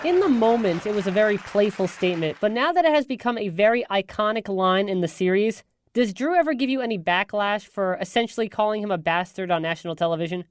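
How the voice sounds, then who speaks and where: A man hosting a radio talk show, asking prepared interview questions in an even way. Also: high-pitched, quick pace, few pauses, smooth, dry recording.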